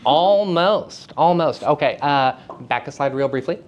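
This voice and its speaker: A man giving a lecture to students, energetic and checking in with frequent "right?" and "okay?", repeating example sentences to demonstrate. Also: on the high side, a little slow, muffled recording. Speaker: theater lecturer.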